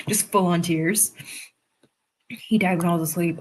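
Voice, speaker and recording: A young woman with a slightly low voice chats casually on a home livestream. She reacts to viewer comments, reads them aloud and laughs often. A faint hiss sits behind her. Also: steady tone, moderate pace, pauses often. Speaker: livestream host and writer.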